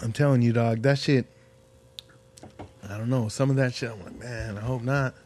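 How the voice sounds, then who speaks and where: A man's voice: mid-range voice, fairly even intonation, normal speed, a little mellow, a little hiss or hum. A man hosting a podcast in casual chat, a slangy, profane storyteller who acts out the people he quotes. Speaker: podcast host.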